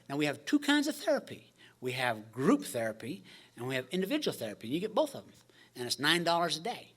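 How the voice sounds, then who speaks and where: Man telling a recovery story, bright tone, fairly high voice, joking, acts out the dialogue. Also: huge pitch swings, fast, breathy edge. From United States. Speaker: recovery meeting speaker. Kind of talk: storytelling talk to a recovery meeting.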